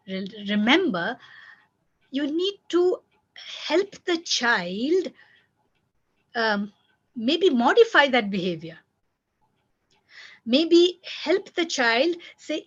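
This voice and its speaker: A woman's voice: high voice, sing-song, drawn-out words, pauses often, fairly bright tone, husky. A woman coaching parents in a lecture, direct and repeating her key points. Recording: dull lo-fi recording.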